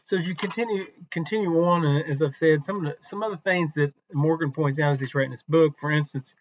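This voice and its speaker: A man teaching from the Bible in a relaxed, conversational devotional talk, unhurried and with some restarts. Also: a little high, dull audio.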